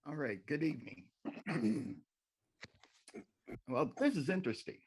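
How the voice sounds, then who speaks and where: Male public commenter, sarcastic and accusing; slow delivery with a lively pitch. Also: husky. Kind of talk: public comment at a council meeting. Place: city council chamber at a podium.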